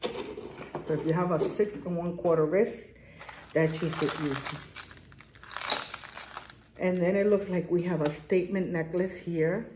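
A middle-aged woman with a strong accent, chatting casually and enthusiastically as she shows jewelry in her home garage. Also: sits low. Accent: strong non-native accent. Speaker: jewelry vlogger. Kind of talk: casual haul vlog. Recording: echoey room, faint noise.

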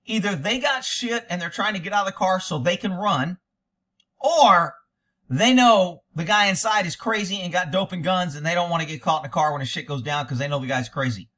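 A man's voice: sits high, brisk, pushed and bright. A man commenting on police videos from a cop's point of view, blunt, sarcastic and profane. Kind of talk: reaction commentary.

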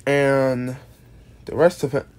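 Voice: medium pitch, steady tone, takes it slowly, darkish tone, clean tone. A casual video creator explaining an original monster character, rambling with many restarts and casual swearing, sounding tired. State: tired, yawning.

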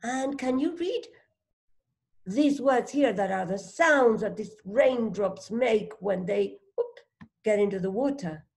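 Very slow, patient woman teaching phonics. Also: on the high side, expressive, vocal fry. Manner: patient, sounds out letters one by one and prompts the child; gently encouraging. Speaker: reading teacher. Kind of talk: phonics read-along lesson for a child.

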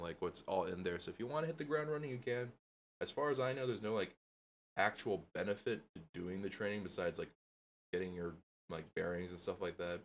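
A young man with a very low voice talks casually through a game tutorial, chatty and enthusiastic with plenty of fillers. Faint noise sits under the recording. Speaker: gaming channel host. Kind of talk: casual gameplay commentary.

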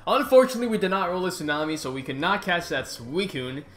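Excitable young-sounding guy gaming. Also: high voice, quick pace, soft background music. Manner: excitable, rambling, swears and groans at the game. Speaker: gaming channel host. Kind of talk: casual gameplay commentary.

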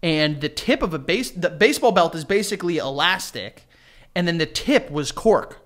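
A man's voice: on the high side, animated, normal speed, a bit bright. A young man co-hosting a podcast, telling stories with an old friend. His talk is loose and full of swearing and laughter. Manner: loose, profane banter with frequent laughter. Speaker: podcast co-host. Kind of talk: casual chat.

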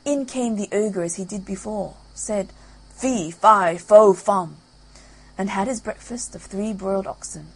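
Breathy woman reading a fairy tale. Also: medium pitch, moderate pace, few pauses, poor audio. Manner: lively storytelling with loud sound effects. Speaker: audiobook narrator. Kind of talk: bedtime fairy tale narration.

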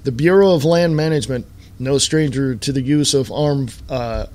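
A man hosting his own podcast in a talk-radio monologue style, hammering points home with slow, stressed words and repeats. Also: medium pitch, darkish tone. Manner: emphatic, repetitive, slowed stress on key words. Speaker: podcast host.

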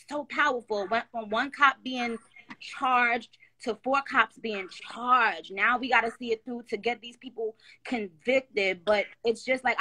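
A woman with a bright, ringing voice sits a touch above the usual pitch as she chats on a phone live stream. She talks in an emphatic, slangy way and rambles loosely, circling back with restarts. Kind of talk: casual live-stream chat.

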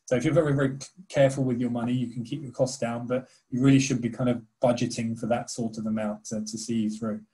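A man's voice: mid-range voice, level tone, fast, few pauses, warm tone. A man presenting university admissions information on a video call, with many fillers and repeated words.

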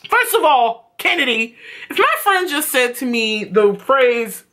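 Woman vlogger, casual TV review, fairly high and sharp voice, blunt, profane, flat-sounding delivery. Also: measured pace. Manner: blunt and profane, animated retelling. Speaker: TV episode reviewer.

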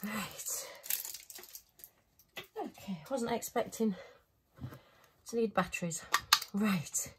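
A woman talking her way through an unboxing in an easy, homely way. Her pitch sits mid-range for a woman. She keeps up a running commentary of thoughts and small delighted exclamations. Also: very slow, long pauses, noisy background. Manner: chatty, thinking aloud with bright little exclamations. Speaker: craft vlogger. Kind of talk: casual unboxing chat.

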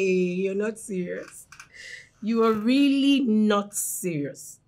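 A woman's voice: on the low side, darkish tone, lightly acted. An actress playing a young woman who mocks men and marriage. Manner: mocking, laughing, defiant.

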